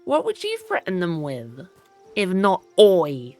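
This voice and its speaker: A woman's voice: on the low side, wildly swooping pitch, slow, a little mellow, no room sound, soft background music. A woman with a British accent giving chatty, self-mocking commentary while playing a game, often talking to things in it. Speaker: gaming channel host. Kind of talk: let's play commentary.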